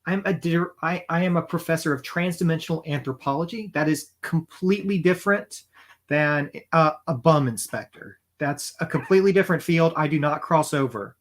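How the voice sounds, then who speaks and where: A man co-hosting a podcast, talking in a dry, deadpan, measured way. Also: a little high. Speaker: podcast co-host. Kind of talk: casual chat.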